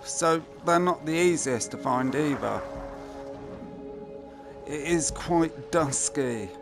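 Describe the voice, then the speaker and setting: A man narrates his gameplay in an unhurried, chatty way and drops casual swear words. His voice sits a little high, and clear game music plays behind him. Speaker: gameplay commentator.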